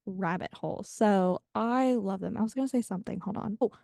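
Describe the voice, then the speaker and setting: A woman's voice: medium pitch, brisk, vocal fry, mellow, no room sound, studio quality. Rambling young woman podcaster. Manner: rambling, gushing, self-interrupting. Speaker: podcast host. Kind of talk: casual solo podcast chat.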